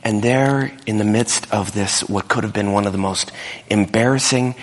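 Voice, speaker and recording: A man preaching a sermon, retelling a scripture story with animated storytelling. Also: lowish voice, husky. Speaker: pastor. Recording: reverberant hall.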